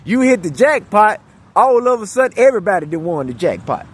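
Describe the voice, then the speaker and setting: A man's voice: high voice, very animated, fairly quick, breathy edge. A man delivering a profane, rambling monologue, repeating himself and stumbling over restarts. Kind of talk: ranting monologue.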